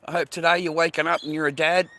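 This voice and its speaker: This middle-aged Australian man talks quickly in a slightly high, flat voice that sounds pushed and bright. He's a vlogger rambling to camera beside the water, swearing, using slang, and saying things more than once in an offhand monologue.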